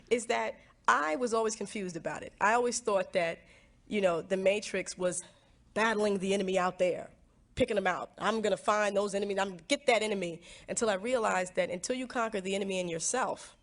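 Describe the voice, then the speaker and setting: A woman speaking reflectively in an interview clip, often halting and repeating words. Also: medium pitch. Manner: halting, repeats words, lively when quoting herself. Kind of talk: reflective personal talk.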